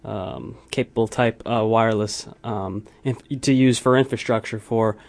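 A man on a podcast panel, speaking hesitantly with many pauses and ums. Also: fairly low pitch. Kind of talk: casual chat.

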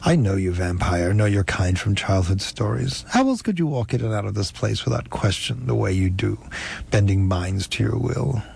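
A man reading an audiobook, voicing a weak, wounded enslaved man who speaks slowly and deliberately. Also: lowish voice, lively intonation, gravelly, a little mellow, breathy edge, full character voice. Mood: earnest. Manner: slow, deliberate, halting. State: weak and parched. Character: dying enslaved man, defiant and resolute.

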